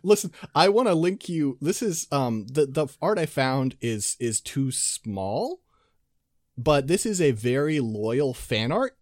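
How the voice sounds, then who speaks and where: A man's voice: medium pitch, very animated, slow, darkish tone, dry recording, studio quality. A man co-hosting a casual video game podcast, enthusiastic and giggly, often trailing off mid-sentence. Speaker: podcast co-host.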